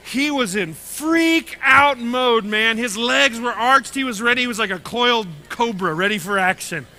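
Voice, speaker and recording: A man with a Texan accent telling a lively story to children at a camp gathering, acting out the voices of the people in it. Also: very high voice, normal speed, low-quality recording. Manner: animated, acts out voices in his story. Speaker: camp speaker.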